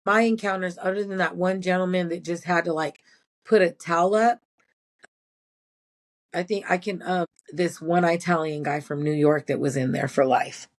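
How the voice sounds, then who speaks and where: A woman's voice: fairly low pitch, steady tone, normal speed. A former prison nurse, a woman, telling blunt and profane stories in a casual interview.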